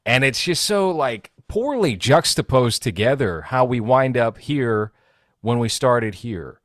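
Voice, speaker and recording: A man's voice: medium pitch, animated, a little slow, no room sound, studio quality. A man bluntly giving his opinions in a casual movie review chat. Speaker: podcast co-host.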